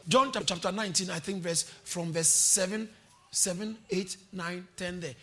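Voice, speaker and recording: A male pastor preaching a sermon, impassioned and often shouting, with call-and-response to the church. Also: high-pitched, very animated, normal speed. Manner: quotes verses then explains them.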